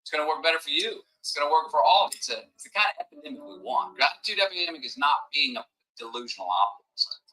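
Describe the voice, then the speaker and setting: Man, motivational speaker, emphatic preachy delivery, tense sharp voice, lively rising and falling pitch. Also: fast talker, poor audio. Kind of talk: motivational talk. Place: at a table with a camera crew.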